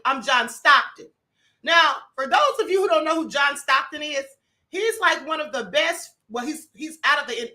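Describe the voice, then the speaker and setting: A woman with a high, bright voice hosts a casual commentary livestream. She talks in a chatty, emphatic way and keeps checking in with her listeners. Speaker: live stream host. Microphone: computer mic on live stream.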